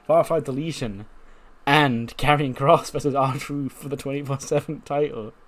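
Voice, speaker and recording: A man hosting a gaming video, recapping events in an animated, casual way with lots of fillers. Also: medium pitch. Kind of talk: casual game commentary.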